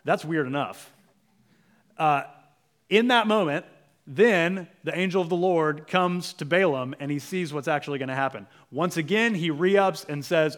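A man preaches a sermon in a casual, conversational storytelling style. His voice sits a little high for a man. He often drops to a near hush for emphasis. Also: normal speed. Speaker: pastor.

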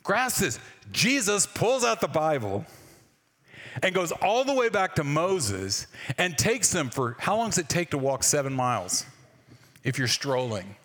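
Pastor, male, fairly high voice, chatty sermon delivery with questions to the room, long hall reverb. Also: sing-song, unhurried, a bit bright. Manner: conversational, asks the congregation questions.

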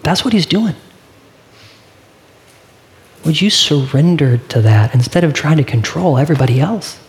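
Male pastor, slightly high voice, earnest and conversational sermon, reads scripture slowly. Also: animated, darkish tone. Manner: earnest, conversational preaching with direct questions to the congregation.

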